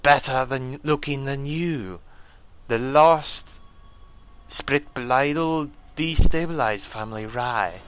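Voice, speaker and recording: A man's voice: medium pitch, slow, clear, resonant tone, no echo, natural voice. A man voicing a brusque male alien trade agent in game dialogue, in a strained, harsh put-on voice with clipped, proud warrior speech. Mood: bargaining. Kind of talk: game dialogue read-aloud.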